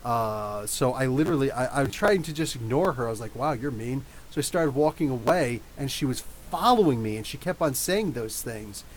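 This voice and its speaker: A man's voice: medium pitch, expressive, brisk, few pauses, slight background noise. A man in his thirties from New Jersey, hosting a casual live podcast Q&A, talking in a rambling, chatty way with many restarts. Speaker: podcast host.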